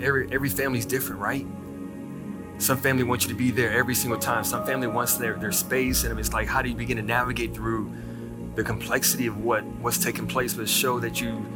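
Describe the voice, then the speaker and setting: A male pastor preaching a sermon in a conversational way, with restarts. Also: lowish voice. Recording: loud music behind the voice.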